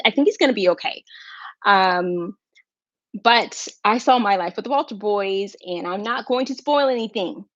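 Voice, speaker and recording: A woman's voice: medium pitch, dry recording, lo-fi sound. A woman hosting a casual livestream, chatting with viewers and thinking aloud with fillers and little asides. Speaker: livestream host.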